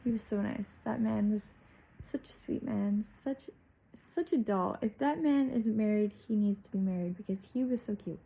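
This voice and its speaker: A woman's voice: mid-range voice, normal speed, vocal fry, warm tone, breathy edge, rough recording. A young woman vlogger telling a personal story in a candid, chatty way, swearing freely.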